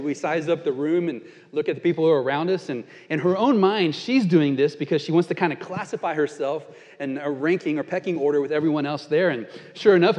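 A man's voice: fairly high pitch, a little mellow, in a large hall. A male pastor giving a sermon, telling a story in an earnest, conversational way.

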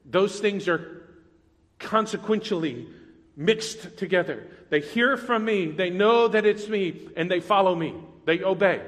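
A male pastor with a notably high voice delivers an animated sermon, moving from loud, dramatic passages to quiet, intimate asides. His words carry a long reverb in a large hall.

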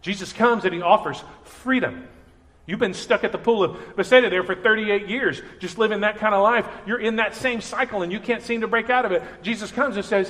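A man preaching a sermon as pastor, earnest and animated, acting out everyday voices. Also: high-pitched, a little fast. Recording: reverberant hall.

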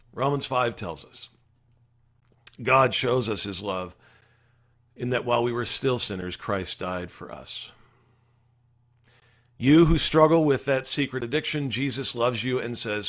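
Earnest preaching man, swinging loud to hushed. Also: medium pitch, a little slow. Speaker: pastor. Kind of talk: devotional sermon. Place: recorded during quarantine.

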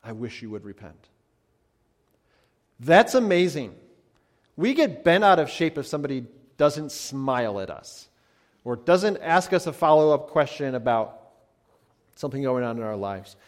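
A man, a pastor, preaching a sermon, swinging between emphatic lines and hushed ones. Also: mid-range voice. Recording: long hall reverb.

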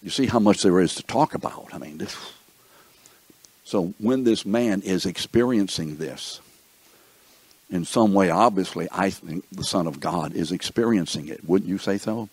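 Low, husky-voiced man teaching a class. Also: moderate pace, no room sound. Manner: keeps checking in with the class; thinks aloud, with restarts and asides. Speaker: Bible study teacher.

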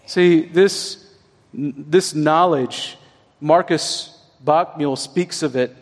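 High-voiced man preaching in a reverberant hall. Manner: conversational preaching with frequent tag questions. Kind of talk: sermon. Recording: long reverb of a large hall.

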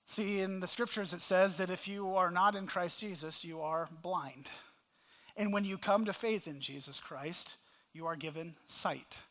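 Impassioned high-voiced male preacher. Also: measured pace. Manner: impassioned, swings between loud cries and hushed asides. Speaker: pastor. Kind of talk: sermon. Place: church sanctuary.

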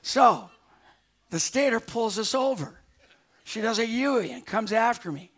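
A pastor preaching a sermon, telling a personal story in an animated way and chuckling at himself as he goes. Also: high-pitched, measured pace. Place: church sanctuary.

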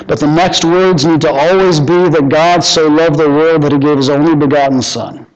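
A man's voice: a little high, rough recording. A man preaching a sermon earnestly, repeating lines and asking the congregation rhetorical questions. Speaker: pastor.

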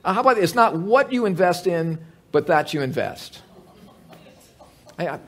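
A man preaching a sermon to a live gathering, conversational and animated, with humorous asides and frequent restarts. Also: on the high side, moderate pace, pauses often. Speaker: pastor.

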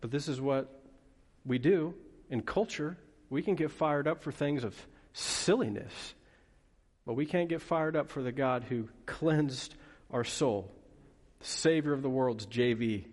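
A man preaching a sermon as pastor, lively and playful, with asides to the congregation. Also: medium pitch, a little slow, big-room sound. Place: church hall.

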